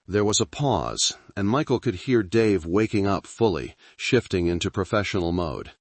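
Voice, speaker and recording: A man's voice: low-pitched, lively intonation, moderate pace, hardly any pauses, no echo. A man reading a thriller story aloud as narrator, in a dramatic, tense storytelling manner. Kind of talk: scripted narration.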